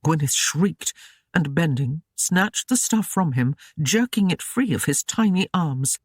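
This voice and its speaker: An audiobook narrator telling a historical romance in a steady, even storyteller's manner. The voice sits at a middling pitch. It is recorded on a close mic in a dry, dead space. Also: unhurried, breathy edge, dry recording. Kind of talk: scripted narration.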